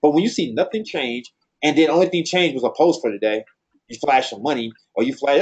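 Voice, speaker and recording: A man's voice: on the high side, a little fast, darkish tone, husky. A man giving a blunt, passionate team talk in a loose, slangy way, like a trainer speaking to his team. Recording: dull lo-fi sound.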